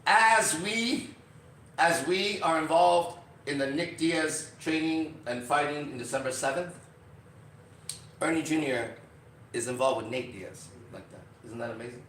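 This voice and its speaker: A man's voice: on the high side, unhurried, fairly bright tone. A man hosts a podcast and tells a story with energy, checking in with "right?" as he goes. His voice sits in a roomy, echoing space, heard from some distance off the mic, with a faint hiss behind it. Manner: acts out quoted lines, often adds "right?". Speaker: podcast host. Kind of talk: animated storytelling.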